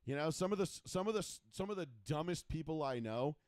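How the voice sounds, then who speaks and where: A man's voice: on the high side, animated, quick pace, a little mellow, no echo. A man hosting a casual talk show, bantering in a brash, joking, boastful way. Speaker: podcast host. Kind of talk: casual chat.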